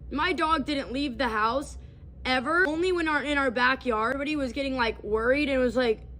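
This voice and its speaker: A woman in her twenties telling a storytime vlog in an animated, emphatic way. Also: sits high, brisk, slight background noise.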